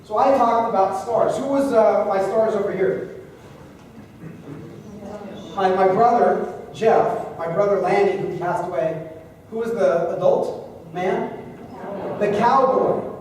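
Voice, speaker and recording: A man teaching a live seminar audience, talking in a lively, conversational way and joking with the room. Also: high-pitched, slow pace, pauses often. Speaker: speaking coach at a live seminar. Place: large hall with a live audience. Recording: echoey hall, voice from far off.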